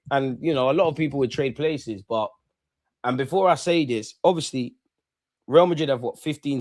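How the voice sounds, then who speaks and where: A young man, hosting a live football watch-along. He chats casually and excitedly in slang, speaking straight to his viewers. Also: mid-range voice. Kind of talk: casual live-stream chat and commentary.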